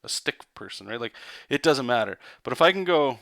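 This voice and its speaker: Casting: male comic artist, bright, dry voice, excitable and loose, rambling casual drawing lesson. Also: mid-range voice, brisk, gravelly, dry recording. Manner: loose, rambling, checks in with "right?" and "okay?".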